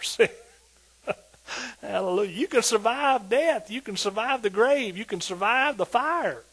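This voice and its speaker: An older man, a pastor, preaching an animated sermon in a folksy, colloquial way and often asking whether his listeners are with him. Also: sits high, normal speed, breathy edge, low-quality recording. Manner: animated preaching, asks "are you with me?" repeatedly.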